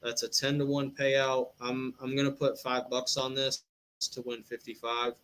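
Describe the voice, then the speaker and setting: A man's voice: mid-range voice, level tone, normal speed, a bit bright, slight background noise, poor audio. A young man hosting a sports podcast live stream, rambling through betting picks and draft talk with lots of fillers. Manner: rambling, filler-heavy, thinks aloud. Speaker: podcast host.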